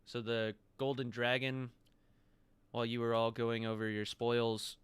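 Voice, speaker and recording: A man's voice: mid-range voice, level tone, a little slow, smooth, dry recording. A man acting as game master, explaining rules and items in a matter-of-fact way. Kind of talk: narrating a tabletop game.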